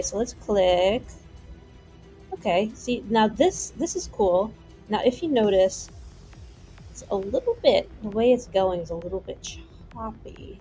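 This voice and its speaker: A woman hosting a casual software tutorial, chatty and rambling with playful asides. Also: mid-range voice. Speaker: tutorial host.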